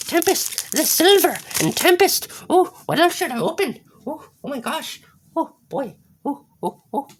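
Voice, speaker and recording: Excitable woman opening packs, voice jumping all over, faint crinkly wrappers behind. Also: sits high, a little hiss or hum. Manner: giddy, squealing, rambling to herself. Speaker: card pack opener. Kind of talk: excited unboxing vlog.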